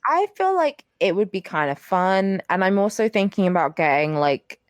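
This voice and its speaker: A woman's voice: mid-range voice, sing-song, normal speed, dry recording. A young woman co-hosting a podcast in casual chat, rambling with lots of fillers and casual swearing. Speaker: podcast co-host.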